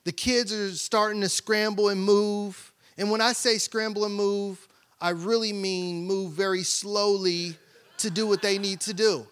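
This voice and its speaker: A middle-aged male pastor preaches a sermon built on family stories, acting out the voices of his relatives as he tells them. He sits high in pitch and speaks unhurriedly, with a sharp, clean tone.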